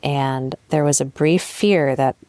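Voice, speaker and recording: Young adult woman podcast host with a low voice and a dry, close sound. Frank, animated storyteller. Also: slow pace, no echo. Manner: candid and animated, swears freely, laughs at herself. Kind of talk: personal storytelling monologue.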